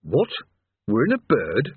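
A man's voice: mid-range voice, wildly swooping pitch, a little slow, slightly rough, no echo, exaggerated voice. A man playing a nervous, baffled male wizard who keeps cutting in anxiously. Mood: alarmed. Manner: anxious, interrupting. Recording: tinny phone-like narrow sound.

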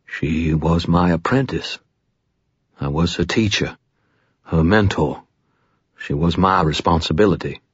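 A gruff older wizard mentor, voiced by a man speaks bluntly in a very low, husky voice. He is low-key and bitter rather than loud. The sound is dry and a little dull. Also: measured pace, long pauses, dry recording, exaggerated voice. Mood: regretful.

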